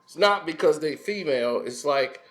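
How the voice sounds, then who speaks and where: A man's voice: a little high, animated, moderate pace, a bit bright, a little hiss or hum. Laughing mocking man in echoey room. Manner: laughs often, mocking asides. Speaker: commentary channel host. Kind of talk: casual opinion commentary.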